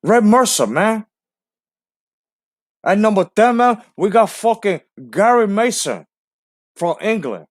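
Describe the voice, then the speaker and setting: A man's voice: high voice, very animated, takes it slowly, long pauses, no room sound, clean studio sound, voice pushed up, heavily acted. A man voicing a swaggering, foul-mouthed Cuban gangster who taunts and boasts, tacking "man" onto nearly every phrase. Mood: boastful.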